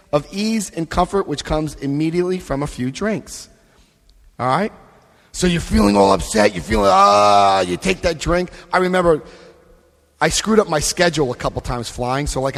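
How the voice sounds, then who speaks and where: A man giving a lively recovery talk to a live convention audience, acting out scenes and voicing quotes. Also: on the high side, creaky. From United States. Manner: animated, acts out scenes, shifts voice for quotes. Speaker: AA convention speaker. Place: convention hall. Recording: long hall reverb.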